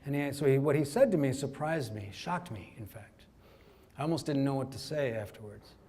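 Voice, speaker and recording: A man's voice: mid-range voice, fairly quick, husky. A middle-aged man from Kerala, India, telling a personal story to a conference audience, acting out the quotes. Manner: animated storytelling, acts out quotes. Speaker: conference speaker. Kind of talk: storytelling keynote talk.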